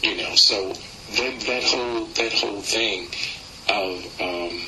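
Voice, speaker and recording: Brief: very deep, easygoing male radio host, rambling, chuckling, noisy radio recording behind him. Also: slow pace. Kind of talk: casual radio interview.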